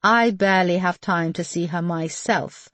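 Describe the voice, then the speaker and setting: A woman voicing a reserved young male RAF pilot who speaks in a dry, understated way, a little low in pitch. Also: normal speed, a bit bright, no echo, close to an everyday voice. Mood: grave.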